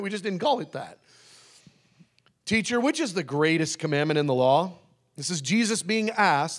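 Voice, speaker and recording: A pastor preaching a sermon in a conversational way, slowing down to stress key phrases. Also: male voice, high-pitched. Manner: conversational, with restarts and emphatic slowed phrases.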